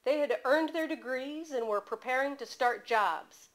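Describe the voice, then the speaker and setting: A woman author reading aloud from her mystery novel at a bookstore, in steady storytelling narration. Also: sits high, unhurried, poor audio.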